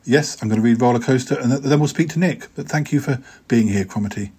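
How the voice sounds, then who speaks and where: A man's voice: mid-range voice, fast, dark tone, husky. A podcast host reading his own rhyming poems aloud in a rhythmic, sing-song way, with hesitant fillers when chatting.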